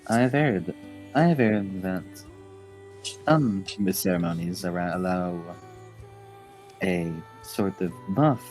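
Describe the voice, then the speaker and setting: A man's voice: sits low, slow, long pauses, a little mellow, faint music behind. A man talking casually as a tabletop game player, hesitant and often restarting his sentences.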